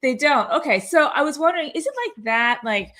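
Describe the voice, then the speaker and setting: Woman cohosting a weekly call, kinda high voice, upbeat, laughs a lot. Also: animated, brisk, a crowd in the background. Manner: laughs often, upbeat and chatty. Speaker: co-host of a weekly company call. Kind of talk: casual group chat.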